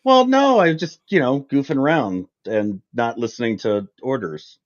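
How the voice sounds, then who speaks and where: A man's voice: medium pitch, animated, moderate pace, muffled recording. A man who is a guest on a casual chat, talking in a joking, self-deprecating way.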